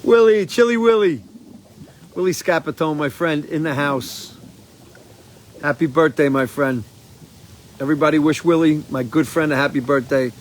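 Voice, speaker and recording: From an outdoor porch, a man hosts a casual live stream, a little stoned, telling animated stories full of rambling and swearing. His voice is fairly high at normal speed with long pauses, and the rough recording has a little hiss or hum.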